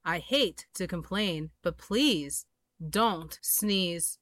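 A woman's voice: on the low side, expressive, extremely slow, a bit bright, no room sound, clean studio sound, exaggerated voice. A woman voicing an alarmed buffalo in a storybook, pleading in bouncy rhyme. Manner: breathless, pleading, rhythmic rhyming.

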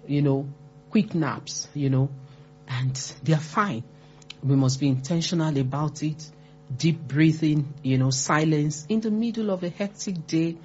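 Low husky woman lecturing earnestly, repeats herself for emphasis, kinda muffled recording. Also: darkish tone, slight background noise. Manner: emphatic, repeats key words, acts out quoted remarks. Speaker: speaker on grief support. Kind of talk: earnest advice talk. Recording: dull lo-fi recording.

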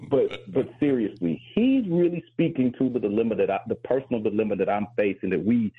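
A man with a low, husky voice talks things through in an earnest, reflective way, often repeating a word as he gets started. His voice comes through a thin, narrow band, like a phone connection. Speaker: professor and show co-host. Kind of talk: casual talk-show discussion.

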